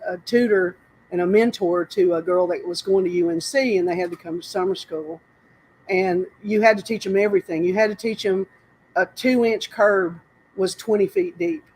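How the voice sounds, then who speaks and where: A woman's voice: lowish voice, a little mellow, a little hiss or hum, poor audio. An older woman from North Carolina, telling stories in a casual, rambling interview, often breaking off and laughing. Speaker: interview guest. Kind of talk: casual storytelling.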